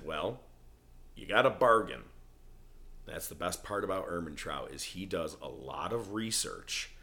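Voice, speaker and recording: A man's voice: sits low, a bit bright. A male podcast host chatting casually, animatedly retelling scenes and acting out quoted lines. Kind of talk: casual chat recapping a TV show.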